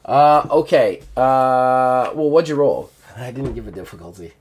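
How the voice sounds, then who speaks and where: A man narrating as game master in a tabletop game, casual and relaxed, with lots of fillers. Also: mid-range voice, measured pace.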